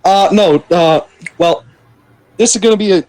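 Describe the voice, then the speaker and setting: A man's voice: sits high, moderate pace, darkish tone. A man playing a tabletop role-playing game, joking and laughing with the table. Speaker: player. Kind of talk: tabletop role-play in character.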